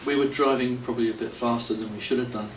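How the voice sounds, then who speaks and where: In a temple hall during an anniversary, this middle-aged man tells stories to the crowd in a meandering, self-mocking way, chuckling now and then. He speaks quickly at a medium pitch with fairly even intonation, recorded through a distant, roomy mic with faint hiss.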